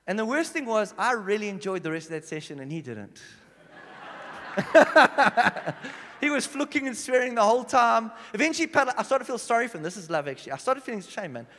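A man preaching a sermon, his voice sitting a little high for a man and ringing out with a long reverb tail in a church hall. He tells his stories with animation, dropping to a hush and then bursting out loud. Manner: animated storytelling, swinging from hushed to loud. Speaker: pastor.

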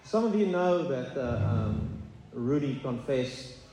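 A man's voice: mid-range voice, sing-song, slow pace, mellow, a little hiss or hum. A man preaching a sermon as pastor, earnest and confessional, often stumbling over fillers and restarts. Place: church sanctuary. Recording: echoey hall, faint ambience.

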